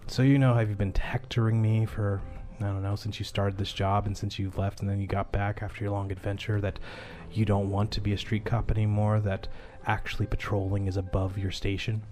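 A man's voice: fairly low pitch, flat delivery, brisk, hardly any pauses, a little mellow, natural voice. A man voicing a stern old police chief who talks to his son curtly and scoldingly. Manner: curt, scolding.

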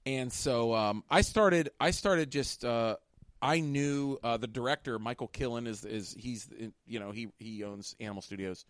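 A man's voice: medium pitch, normal speed, dry recording. A man from Pittsburgh, a comedian, talking casually on a podcast and acting out quoted lines. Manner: animated, acts out quoted lines.

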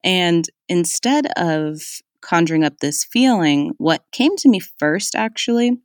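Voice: mid-range voice, animated, unhurried, no echo, clean studio sound. A podcast host telling a reflective personal story in a casual, chatty way, full of "like" and "y'all".

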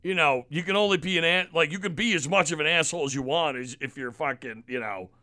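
A man hosting a podcast, ranting angrily with heavy profanity and loud emphasis. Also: fairly high pitch, fast, no echo. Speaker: podcast host.

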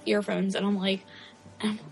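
A woman's voice: mid-range voice, little pitch movement, moderate pace, creaky, faint music behind. A young woman in her twenties, an art student co-hosting a podcast, rambling in casual chat with lots of fillers. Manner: rambling, lots of likes, laughing. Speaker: podcast co-host.

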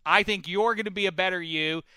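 A man's voice: high voice, a little fast, bright, forceful tone, smooth, no room sound. A man hosting a sports radio show in casual chat, joking and bantering with his co-hosts.

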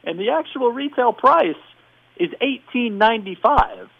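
A man's voice: extremely high pitch, very animated, unhurried, vocal fry, no echo. A man hosting a podcast, retelling a story in casual chat with frequent laughs, on a dull, dry recording. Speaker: podcast host.

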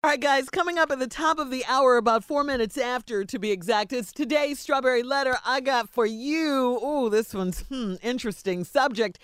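A woman's voice: high voice, moderate pace, few pauses, smooth, no room sound, clean studio sound. A woman hosting a radio show, talking in a playful, teasing way. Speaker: radio host. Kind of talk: casual radio chat.

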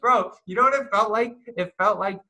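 A young man chats casually, telling a story with lots of energy, imitating the people he quotes and cursing freely. His voice is high and a touch fast.

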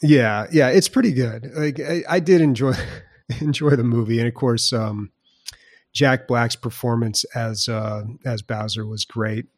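A man's voice: medium pitch, a little slow, no echo, studio quality. A man co-hosting a podcast in casual chat, rambling with plenty of fillers and restarts. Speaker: podcast co-host.

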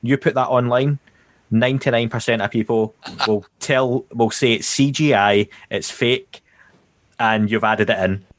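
A man hosting a podcast, talking in a relaxed, rambling way and building hypothetical examples. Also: mid-range voice, a little slow, no room sound. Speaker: podcast host. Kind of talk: casual podcast conversation.

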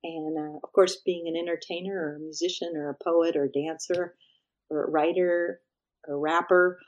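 A middle-aged woman musician from Texas, chatting as an interview guest and telling lively stories, acting out quotes and laughing often. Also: fairly low pitch, moderate pace, highs cut off. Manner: animated storyteller, laughs often, acts out quotes. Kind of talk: casual interview chat.

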